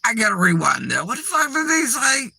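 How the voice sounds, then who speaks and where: A woman's voice: a little high, sing-song, a little fast, gravelly, bright, forceful tone, a little hiss or hum. A woman host giving rambling, profane reaction commentary in a casual chat style. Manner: rambling, profane, drawling asides.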